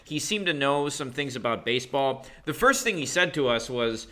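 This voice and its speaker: A young man co-hosting a podcast who tells a story in a measured, step-by-step way. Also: medium pitch, animated, a bit bright. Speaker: podcast co-host. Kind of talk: casual storytelling.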